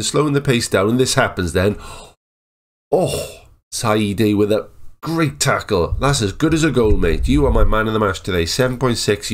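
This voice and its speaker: A man giving casual, excitable commentary over a football management game, chatting and joking as the match plays. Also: on the low side. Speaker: gaming YouTuber. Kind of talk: casual Let's Play commentary.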